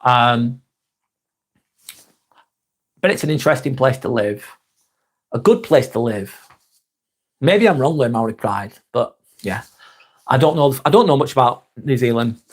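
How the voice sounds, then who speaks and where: A man from North West England with a Lancashire accent hosts a casual live vlog, reading chat in an expressive mid-range voice. He speaks a little slowly and pauses often, staying blunt, swearing freely and calling people mate.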